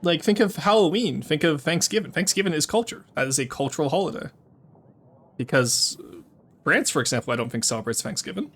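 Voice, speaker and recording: Brief: male streamer, slightly high voice, swings his pitch all over, rants casually with restarts. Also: a little fast, slight background noise. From Canada. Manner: animated, rambling rants with restarts. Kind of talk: casual live gameplay chat.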